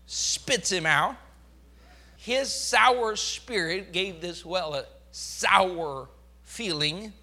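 A man preaching a fervent, emphatic sermon as pastor, swinging between loud declarations and hushed asides. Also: sits high.

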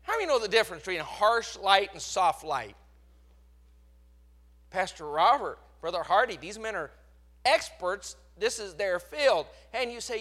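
A man's voice: high voice, animated, unhurried, pushed and bright. A man with a Texas accent preaching a sermon, with emphatic surges in volume. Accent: Texan.

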